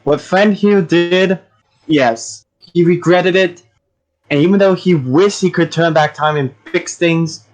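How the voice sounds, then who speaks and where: A man playing his character in a tabletop game, speaking in a calm, measured way. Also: high-pitched, rough recording. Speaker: player.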